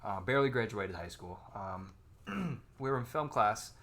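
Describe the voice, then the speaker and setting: A man's voice: lowish voice, animated, a little slow, gravelly, fairly bright tone. A young man co-hosting a casual podcast, insistent and laid-back, from Florida. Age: young adult. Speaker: podcast co-host. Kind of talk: casual chat.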